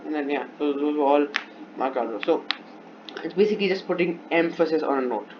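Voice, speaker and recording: With a slightly high, brisk voice, a man works through an unscripted music theory lesson. He demonstrates as he goes, often restarting and repeating; an instrument plays in the dull lo-fi recording.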